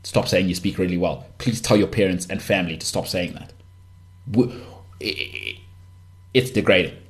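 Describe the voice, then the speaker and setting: Speaking low and expressively at a moderate pace, this South African man from Johannesburg's northern suburbs hosts a podcast, ranting bluntly and candidly with plenty of restarts and asides.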